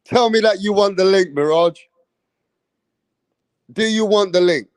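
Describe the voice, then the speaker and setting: A man's voice: high-pitched, a little slow, no echo. A man who hosts boxing commentary, mocking and taunting a viewer in a profane, repetitive rant. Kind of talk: ranting reaction commentary.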